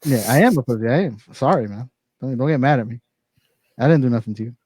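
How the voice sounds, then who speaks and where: A man's voice: mid-range voice, quick pace, darkish tone, slightly rough, no room sound. A man hosting a casual online show, rambling, repeating himself and swearing freely. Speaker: show host. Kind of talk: casual chat.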